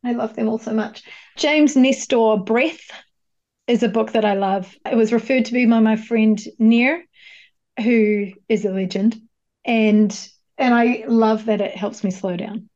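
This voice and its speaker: A woman's voice: on the high side, fairly even intonation, measured pace, darkish tone, muffled recording. A woman with a New Zealand accent, speaking frankly and expressively as a podcast guest and coach, with some casual swearing. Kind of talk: candid podcast conversation.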